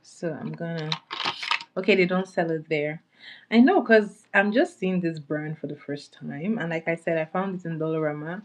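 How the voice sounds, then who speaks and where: A woman's voice: sits low, normal speed, slight background noise. A woman hosting a casual makeup livestream, chatting with viewers and greeting them by name as she applies products. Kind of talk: casual live-stream chat.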